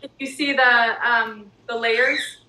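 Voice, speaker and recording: Woman cohost gushing over food, bright highish voice, kinda far from the mic, echoey kitchen. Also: fairly even intonation, slow. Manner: enthusiastic, gushing about food. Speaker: cooking show co-host. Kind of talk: casual chat while tasting food. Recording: echoey room, mic at a distance.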